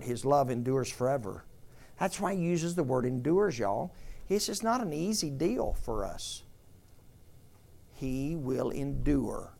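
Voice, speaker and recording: This older pastor's voice is mid-range, gravelly and a little mellow, animated but unhurried. His sermon has him guiding the congregation through call-and-response lines, repeating them with emphasis.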